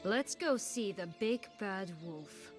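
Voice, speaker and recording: A woman's voice: medium pitch, lively intonation, slow. An actress playing a playful, teasing young noblewoman in a video game. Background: game music.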